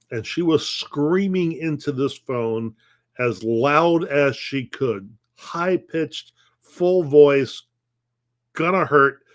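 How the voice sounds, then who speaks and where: Man pastor asking questions and musing. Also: medium pitch. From United States. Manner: thoughtful, asks questions and answers them, restarts phrases. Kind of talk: conversational Bible lesson.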